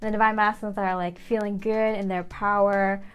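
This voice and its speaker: A woman's voice: medium pitch, flat delivery, a little fast, smooth. A woman giving a casual tarot reading, chatty and filler-heavy, over faint background music. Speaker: tarot reader.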